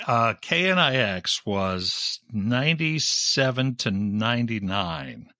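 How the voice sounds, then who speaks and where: A man who works in radio, telling animated, wry anecdotes in a casual chat. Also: medium pitch, slow, dry recording, studio quality. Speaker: radio DJ guest.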